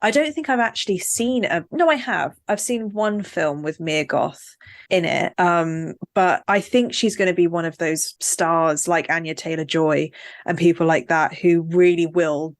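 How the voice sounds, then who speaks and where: Brief: woman, lowish voice, eager casual film-podcast co-host. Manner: chatty, enthusiastic, laughs often. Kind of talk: casual film review chat.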